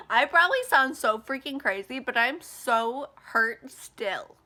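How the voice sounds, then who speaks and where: A woman's voice: high voice, expressive, unhurried, few pauses, pushed and bright. A woman in her twenties talking to camera in a personal vlog, upset and angry, ranting and close to tears. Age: 20s. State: emotional, close to crying. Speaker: vlogger.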